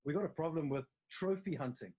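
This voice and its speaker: A man's voice: fairly high pitch, a little fast, dark tone, husky. South African male actor, chatty guest, emphatic rambling delivery, slightly muffled phone audio. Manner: rambling, emphatic, frequent restarts. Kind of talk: casual interview chat. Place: at home on a live video call. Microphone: mobile phone live stream.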